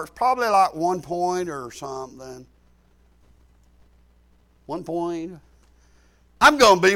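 High, bright-voiced preacher man. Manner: folksy, rising to shouts then dropping low. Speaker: pastor. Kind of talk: sermon.

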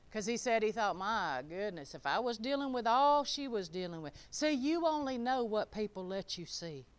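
A middle-aged woman preaching a sermon in a folksy, emphatic way, swinging from loud declarations to quiet, chuckling asides. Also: mid-range voice, clear, resonant tone.

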